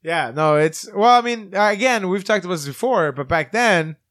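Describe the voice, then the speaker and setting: High-voiced man, casual and profane. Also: lively intonation, normal speed, a bit bright, no echo, clean studio sound. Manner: enthusiastic, profane, laughs often. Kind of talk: casual chat.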